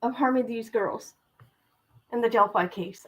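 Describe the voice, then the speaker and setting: Woman livestream host, indignant commentary, slightly high voice, unhurried delivery. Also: rough recording. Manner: indignant, talks straight to her viewers. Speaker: true-crime livestream host.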